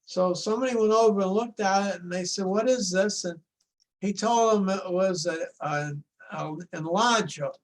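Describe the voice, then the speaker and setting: Folksy older New man, high voice. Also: moderate pace. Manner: rambling, folksy, with restarts. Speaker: show-and-tell presenter. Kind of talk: casual storytelling on a video call. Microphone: video call.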